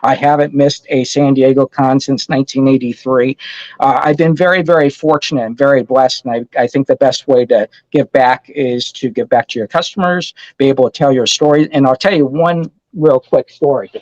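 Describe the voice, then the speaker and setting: A man in his fifties, a comic store owner guest, telling a story in an animated, excited way over a call. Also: medium pitch, normal speed, no echo, muffled recording. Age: 50s. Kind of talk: casual storytelling.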